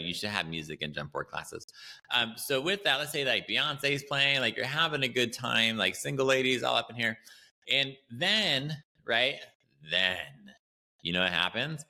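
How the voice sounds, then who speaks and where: A man's voice: fairly low pitch, vocal fry. A man hosting an educational podcast, talking casually and animatedly as he explains training ideas, often checking in with "right?". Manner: animated and chatty, often tags lines with "right?". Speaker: podcast host and Pilates educator.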